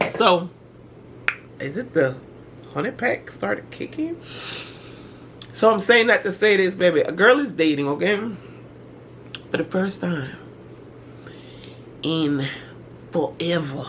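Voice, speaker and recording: A middle-aged woman vlogger in casual storytime chat, talking in an animated, slangy way with dramatic asides. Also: fairly low pitch, slow pace, pauses often, slight background noise.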